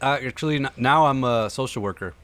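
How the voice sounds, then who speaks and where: A man who is a guest on a podcast, talking in an easygoing, relaxed way in casual chat. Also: medium pitch, fast, clear, resonant tone. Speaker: podcast guest, social worker.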